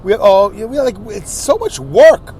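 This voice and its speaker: A middle-aged man rambles through a comedy podcast monologue, ribbing himself and slipping into the voices of people he quotes. His voice sits fairly high and swoops about with lively expression. A faint background noise hums under the recording. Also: a little fast. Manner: joking, self-deprecating, acts out quoted voices.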